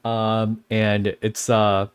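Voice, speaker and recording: A man's voice: on the low side, monotone, very slow, clean tone. A man streaming live and chatting casually with viewers, rambling and easily distracted, often laughing. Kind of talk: casual chat with livestream viewers.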